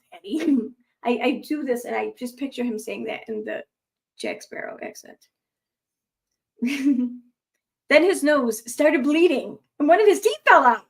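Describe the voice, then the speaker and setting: Sarcastic, rambling young woman reading posts. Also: fairly high pitch. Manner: rambling, sarcastic asides with many fillers. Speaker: commentator. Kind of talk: reading aloud and commenting on online posts.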